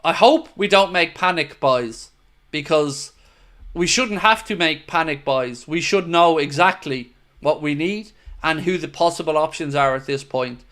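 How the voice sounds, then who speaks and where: Opinionated male fan-show host, higher voice. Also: a little slow, a bit bright. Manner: opinionated, earnest, talks straight to viewers with "mate". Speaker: host of a football fan watchalong livestream. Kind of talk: casual livestream chat, reading viewer comments.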